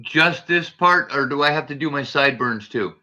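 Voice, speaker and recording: A man's voice: a little high, moderate pace, pushed and bright. A man hosting a casual livestream, chatting nervously and jokingly with his viewers. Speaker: livestream host.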